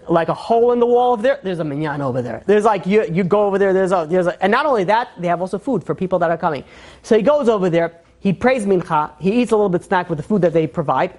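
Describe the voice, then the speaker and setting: A man giving an informal Torah lesson, telling stories emphatically with asides and frequent throat clearing. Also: high-pitched. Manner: animated, emphatic, storytelling with asides. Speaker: Torah teacher.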